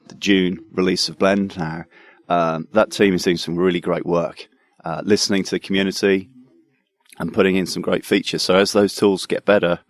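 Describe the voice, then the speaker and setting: A man's voice: low-pitched, little pitch movement, moderate pace, dry recording. A man with an English accent, a developer, talking enthusiastically about his work with stammering restarts. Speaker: developer guest. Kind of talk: casual tech chat.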